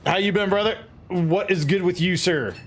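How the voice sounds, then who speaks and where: A man's voice: high-pitched, moderate pace, a little hiss or hum. A man in his forties, a game streamer, chatting casually with his viewers in an easygoing way and greeting them by name. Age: 40s. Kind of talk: casual live-stream chat.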